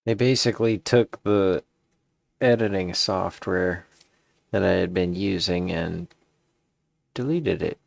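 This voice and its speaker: A man's voice: low voice, slow pace, vocal fry, long pauses, no room sound. A man chatting casually while editing his own video clips, rambling and grumbling as he works. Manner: rambling, grumbling aside to himself. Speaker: streamer.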